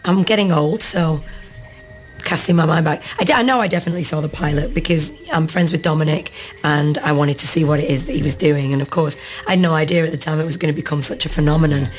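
A woman's voice: low voice, steady tone, fast talker, faint music behind. A woman actress being interviewed, chatting freely and laughing often. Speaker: actress guest. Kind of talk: casual interview.

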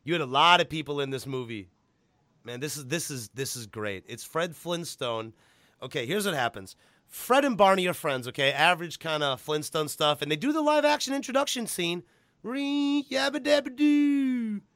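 A man hosting a podcast, excitable and foul-mouthed, his pitch jumping all over the place. His voice is bright and a little high, recorded dry and close. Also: fairly quick, no echo. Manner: excitable, profane, laughs loudly. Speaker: podcast host. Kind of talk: casual chat.

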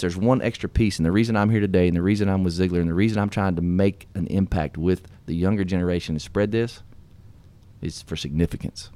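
A middle-aged man hosting a radio show, telling his story in an earnest, animated, folksy way. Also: low voice. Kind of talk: casual storytelling and motivational talk.

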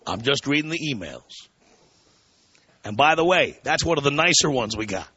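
A man's voice: medium pitch, sing-song, moderate pace, bright, forceful tone, slightly rough. A man hosting a talk radio show, brashly mocking callers and reading listener emails aloud. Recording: dull lo-fi radio broadcast.

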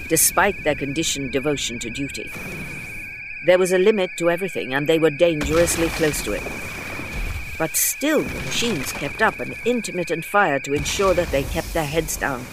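A man reading a science fiction story aloud in a measured, steady narration. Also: high voice, noisy background. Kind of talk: scripted narration.

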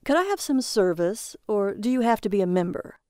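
A woman voicing a wry, deadpan male traveler in a noir audio story, in close to her own voice. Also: mid-range voice, fairly quick, clean tone, dry recording, lightly acted.

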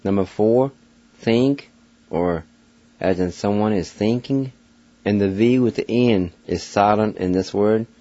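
An older man with a low, mellow voice teaches a slow, patient pronunciation lesson. He spells each word letter by letter and repeats it. The sound is dull and lo-fi, like an old radio broadcast, and very dry. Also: no room sound.

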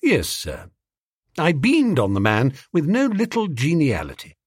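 A man's voice: a little high, wildly swooping pitch, moderate pace, husky, dry recording, clean studio sound. A man reading a comic story aloud in a jaunty first-person narration. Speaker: audiobook narrator.

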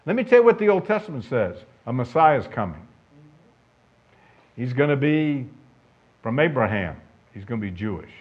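A man's voice: medium pitch, a little mellow, husky. A man preaching a sermon, emphatic and conversational, putting questions to his listeners. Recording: dull lo-fi sound.

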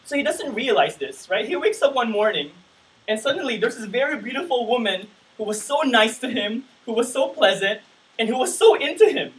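Male preacher, high voice, casual talky sermon, distant mic. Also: very animated, a little fast. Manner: conversational, keeps asking the room "right?".

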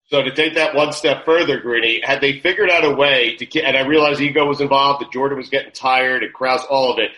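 A man's voice: mid-range voice, steady tone, brisk, hardly any pauses, pushed and bright. A man hosting a podcast interview, chatting casually and eagerly asking questions. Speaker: podcast host. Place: small studio room. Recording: roomy echo.

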